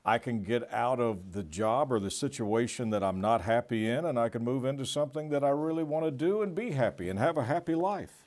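A man's voice: medium pitch, lively intonation, fairly quick, hardly any pauses, darkish tone. A man in a mid-range voice co-hosts a talk show. He reflects aloud in a musing, conversational way. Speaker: co-host.

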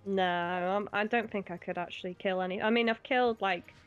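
A woman's voice: mid-range voice, fairly even intonation, brisk, clear, resonant tone, lo-fi sound, faint music behind. A young British woman chatting casually while playing a co-op game, talkative and giggly. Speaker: co-op gaming guest. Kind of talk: casual co-op gameplay chat.

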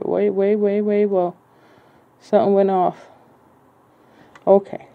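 A woman reading her own novel aloud in a casual, halting way, stopping to correct herself when she stumbles. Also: mid-range voice, fairly even intonation, creaky, mellow.

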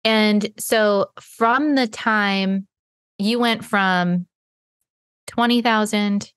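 A woman's voice: mid-range voice, steady tone, very slow, a bit bright, clear, resonant tone, no echo, studio quality. A woman hosting an interview podcast, encouraging and affirming her guest. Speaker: podcast host and spa marketing coach.

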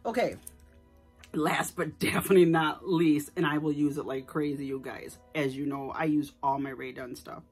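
A husky, slightly breathy middle-aged woman chats at home about her shopping finds. She speaks straight to her viewers, chatty and enthusiastic, at a middling pitch. Soft music plays faintly underneath. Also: fairly even intonation, normal speed. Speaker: vlogger showing a shopping haul. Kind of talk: casual haul vlog chat. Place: at home indoors.

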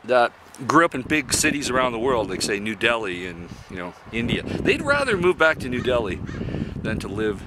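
A man's voice: medium pitch, very animated, moderate pace, background noise. A man in his fifties from Canada, talking casually and bluntly in a folksy, opinionated monologue and chuckling at his own jokes. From Canada (Yukon). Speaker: vlogger living in an RV.

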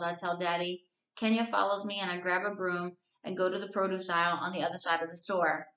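A woman teacher reading a novel aloud to her class, telling the story at a steady, even pace. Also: on the low side, moderate pace. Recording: roomy, slightly dull recording.

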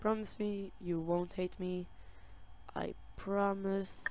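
A woman playing a game on camera, reading its chat messages aloud in a slow, drawn-out way and reacting with soft sympathy. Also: mid-range voice, level tone. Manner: reads dialogue slowly, with soft sympathetic reactions. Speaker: gaming video creator. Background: loud game music and keyboard typing.

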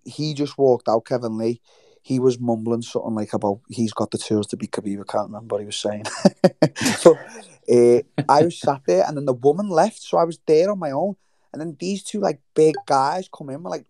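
Male guest, warm low tone, animated and profane, dry close sound. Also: no echo. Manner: swears freely, animated storytelling with quoted voices. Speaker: guest fighter. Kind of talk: casual interview chat. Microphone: remote livestream call.

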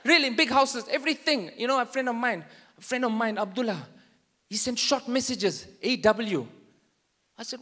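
Stand-up, man, high voice, long hall reverb. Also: normal speed. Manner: animated, high-pitched storytelling with laughs. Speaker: stand-up comedian. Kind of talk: stand-up comedy routine.

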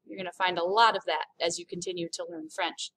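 An American woman teaching a recorded French lesson, upbeat and explaining slowly as she demonstrates sounds. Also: fairly low pitch, very animated, creaky, fairly bright tone. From United States.

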